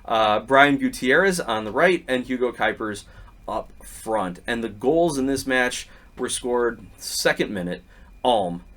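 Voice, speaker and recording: A middle-aged man hosting a podcast, slightly hoarse, telling stories casually and acting out what people said before recapping a match. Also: medium pitch, measured pace. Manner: lively storyteller who acts out the quotes. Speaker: podcast host.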